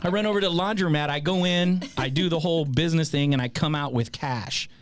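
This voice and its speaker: A man hosting a podcast, telling a long story in a casual, animated way, with a lot of swearing and laughter. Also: fairly high pitch, quick pace, no room sound. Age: adult with a child. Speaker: podcast host.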